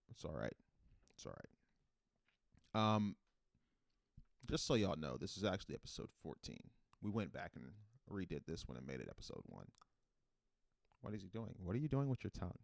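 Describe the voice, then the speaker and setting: Deadpan male comedy host, low voice, dry room, rambling delivery. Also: moderate pace, gravelly, long pauses, no room sound. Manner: deadpan, rambling, full of ums and restarts. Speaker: podcast host.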